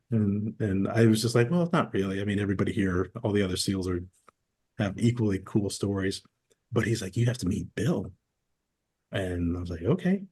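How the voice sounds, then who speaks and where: Podcast guest, man in his forties, lowish voice, easygoing storyteller who slips into the voices of the people he quotes. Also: husky. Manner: relaxed storyteller who acts out quoted dialogue. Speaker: podcast guest, former military. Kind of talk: casual interview storytelling.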